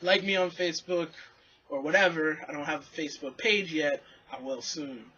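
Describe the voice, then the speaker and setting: A young man talks to his camera in a high, bright voice with some rasp. He tells the story animatedly and with plenty of swearing. The recording sounds dull and lo-fi. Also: normal speed. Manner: animated, swearing, acts out quotes. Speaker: vlogger. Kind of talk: casual profane storytelling to camera.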